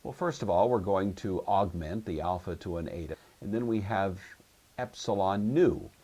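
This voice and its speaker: A man's voice: deep voice, moderate pace, mellow, husky. A man giving a recorded lecture on Greek grammar. He explains each rule patiently, step by step, and checks that his students follow. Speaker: Greek teacher.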